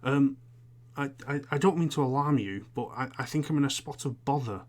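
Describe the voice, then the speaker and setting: A man voicing a frightened man who speaks in a hushed, stammering voice on a phone call in a tabletop game. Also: medium pitch, brisk, close to an everyday voice.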